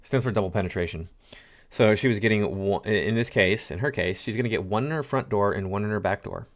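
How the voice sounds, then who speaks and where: Brief: male commentary host, lowish voice, indignant lecturing rant. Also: brisk. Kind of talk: reaction commentary.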